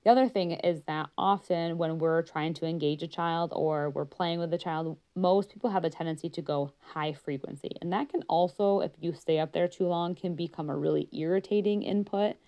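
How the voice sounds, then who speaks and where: Low-voiced woman therapist explaining. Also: normal speed, hardly any pauses, warm tone, clear, resonant tone. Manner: conversational, illustrates points by demonstrating tones of voice. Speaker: pediatric therapist. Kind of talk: educational talk.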